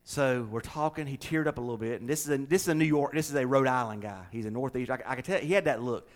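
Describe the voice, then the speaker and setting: Southern pastor telling a story. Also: male voice, medium pitch, fast talker. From American South. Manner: animated storyteller, chuckles, repeats words. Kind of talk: casual chat with co-hosts.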